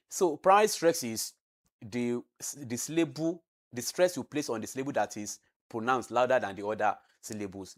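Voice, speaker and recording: Man, exam-prep teacher, explanatory, repeats key terms, lesson style. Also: mid-range voice.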